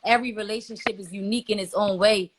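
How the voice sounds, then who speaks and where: A woman in a casual podcast debate, measured and reasoning aloud. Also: mid-range voice, steady tone. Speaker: podcast panelist.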